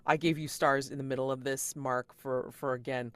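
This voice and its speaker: A man's voice: mid-range voice, brisk, dry recording. Rambling, gushing man full of fillers. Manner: rambling, heavy with fillers and sudden excited outbursts. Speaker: tabletop game player. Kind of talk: casual post-session feedback.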